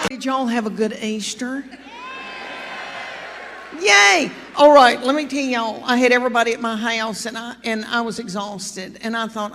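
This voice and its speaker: A woman in her fifties with a Southern US accent, telling chatty, folksy stories in a stand-up comedy set. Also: on the high side. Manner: chatty, folksy storytelling with drawn-out asides. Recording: long hall reverb, clear crowd noise.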